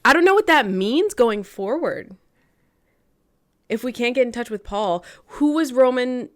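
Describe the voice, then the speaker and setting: A woman co-hosting a podcast in casual chat, animated, laughing often and swearing freely. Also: fairly high pitch, a little slow. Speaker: podcast co-host.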